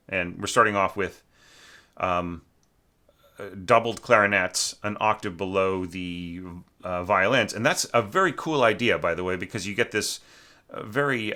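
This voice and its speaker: A man with a low, bright and forceful voice, going through a student's orchestration. He talks loosely, with plenty of fillers, and now and then sings a phrase to show what he means. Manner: chatty, full of fillers, sings phrases to illustrate. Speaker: orchestration teacher reviewing student scores. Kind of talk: informal spoken critique of a score.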